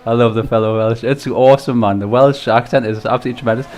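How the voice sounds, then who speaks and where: A man's voice: medium pitch, fairly even intonation, fast talker, hardly any pauses, darkish tone, soft background music. A man hosting a live stream and commentating a sim race, chatty, laughing often and swearing casually.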